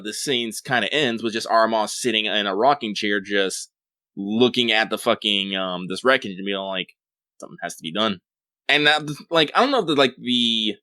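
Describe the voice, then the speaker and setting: A man with a low but bright voice, chatting casually and rambling through his thoughts. He jumps up and down in pitch, acts out bits of a story, and fills his pauses with "um" and "like". The sound is dry and close. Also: clean tone, no room sound. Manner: rambling, animated, many fillers, swears. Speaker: podcast co-host. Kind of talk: casual chat.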